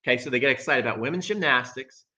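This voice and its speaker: A man's voice: mid-range voice, animated, fast, bright, forceful tone. A man hosting a casual live stream, giving emphatic opinions on tennis, repeating his points and answering viewer comments.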